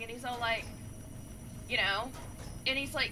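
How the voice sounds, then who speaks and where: A woman gaming streamer retelling a story in a chatty, animated way, with many fillers. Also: fairly high pitch, normal speed, background noise. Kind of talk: casual storytelling while playing a game.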